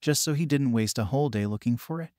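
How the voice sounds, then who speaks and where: A man narrates a written story, text messages and all, in a steady, flat reading voice. His pitch sits in an ordinary middle range. The recording is dry, with no room sound around him. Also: quick pace, no room sound. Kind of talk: scripted fan fiction reading.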